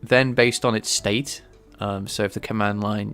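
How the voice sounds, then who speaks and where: A man talking through his coding on a casual livestream, pausing and restarting as he thinks aloud. His voice sits low with a gravelly fry, and faint music plays underneath. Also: fairly even intonation, fairly bright tone. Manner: thinking aloud, halting, many restarts and fillers. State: sneezing, a bit stuffy. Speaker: livestreaming game developer.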